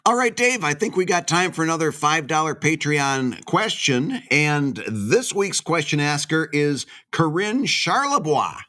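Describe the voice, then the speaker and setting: A man's voice: on the high side, animated, unhurried, hardly any pauses, sharp tone. A man co-hosting a podcast, joking around and reading a listener question aloud in casual chat. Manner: laughs a lot, jokey. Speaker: podcast co-host.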